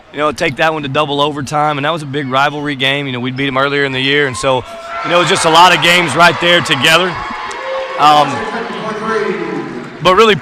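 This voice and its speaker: In a gym during a game, a boys basketball coach appears as a guest in a casual courtside interview, rambling with lots of fillers and restarts. His voice is fairly high with a sharp tone, and there's slight background noise.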